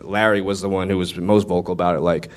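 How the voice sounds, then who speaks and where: At a live Q&A event, a screenwriter guest tells casual anecdotes in a low, quick voice. He's animated and profane, acting out quotes and laughing often.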